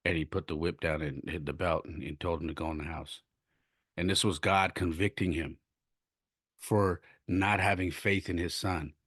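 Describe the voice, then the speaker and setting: A middle-aged man hosting a podcast, earnestly retelling a story with lively restarts and self-corrections. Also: sits low, normal speed, husky, no room sound, clean studio sound. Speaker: podcast host. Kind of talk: casual storytelling monologue.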